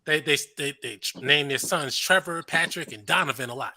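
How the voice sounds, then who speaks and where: A man's voice: on the high side, brisk, pushed and bright. A man hosting a casual online panel, chatty and joking with callers. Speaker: panel host.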